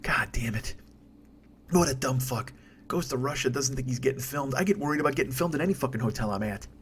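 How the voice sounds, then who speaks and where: A man talks quickly into a microphone on his comedy podcast. He rants in a loose, rambling way, heavy with profanity and sarcasm. His pitch sits in the middle range. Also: expressive, slight background noise. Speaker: podcast host. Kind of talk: solo comedy podcast rant. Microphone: studio microphone.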